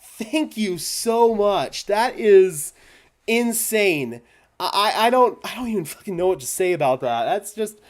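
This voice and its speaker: A young man hosting a fan live stream, stammering and overwhelmed, swinging from hushed thanks to shouting. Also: fairly high pitch. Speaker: fan channel host.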